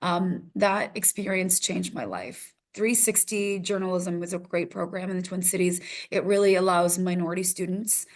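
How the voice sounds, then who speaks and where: A woman in her thirties from Minnesota, a news reporter telling her story as a podcast guest, animated and laughing often. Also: on the low side, moderate pace, few pauses. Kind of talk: casual interview storytelling.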